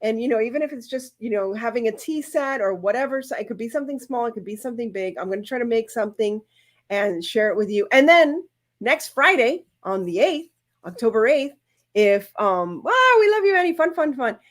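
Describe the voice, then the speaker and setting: A woman's voice: fairly high pitch, animated, brisk. A woman hosting a casual craft live-stream, chatting in a rambling, heartfelt way. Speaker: crafting channel host.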